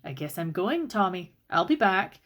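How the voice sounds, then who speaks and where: A woman's voice: fairly low pitch, sing-song, normal speed, fairly bright tone. A woman reading a dismissive young brother. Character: dismissive young man, older brother, cool and evasive.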